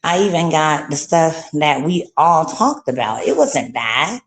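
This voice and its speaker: A woman telling a heated story in casual, profane speech, breaking into loud, high exclamations. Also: sing-song, unhurried.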